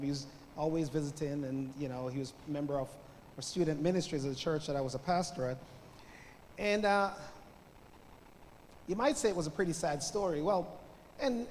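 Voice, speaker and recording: A middle-aged man with a Jamaican accent preaching as a guest pastor, greeting the church loudly and telling a story with quiet moments. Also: a little high, slight background noise. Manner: loud greeting, then storytelling with soft drops. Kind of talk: sermon. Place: church sanctuary. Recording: church hall reverb with faint ambience.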